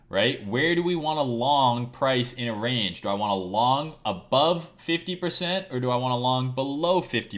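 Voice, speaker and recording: Here the same kind of trading streamer, a man with a mid-range, slightly bright voice, runs a live chart lesson. He's casual and swears freely, teaching by putting questions to his viewers.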